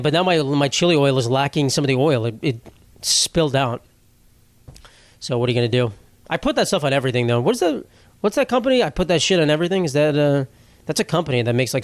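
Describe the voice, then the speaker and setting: Recorded without echo, a young man with a medium-pitched voice runs his own comedy podcast alone. His delivery is profane and meandering, full of self-mockery.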